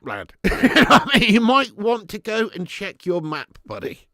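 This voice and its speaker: A man hosting a live football watch-along, who is excitable and jokey and bantering with his chat. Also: high voice, moderate pace, dry recording, studio quality. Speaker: live stream host.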